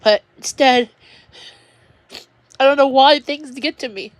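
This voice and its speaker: A woman talks at length from home during a personal livestream. Her voice sits a little high and she speaks slowly. She rambles, keeps restarting her sentences and sounds upset throughout, recorded dry and close. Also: no echo. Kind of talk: emotional personal livestream monologue.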